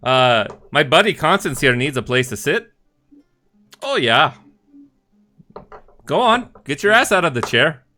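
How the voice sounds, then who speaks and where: A man voicing a rowdy, friendly male tavern owner who shouts greetings, swears cheerfully and calls everyone bud. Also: on the high side, sing-song, measured pace, long pauses, soft background music, pitched above the performer's own voice, heavily acted. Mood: hearty. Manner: loud, crude, hearty, calls everyone bud.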